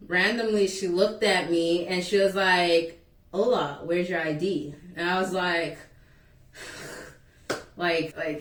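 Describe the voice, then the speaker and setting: A young woman casually telling a school story to the camera, animated and chatty, acting out the people in it. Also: lowish voice, distant mic. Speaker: vlogger. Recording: echoey room, a bit off-mic.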